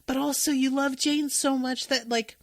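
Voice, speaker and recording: A woman's voice: high-pitched, steady tone, normal speed, no room sound. Gushing podcast host woman, dry mic. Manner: emotional, gushing, choked up at times. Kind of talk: casual chat.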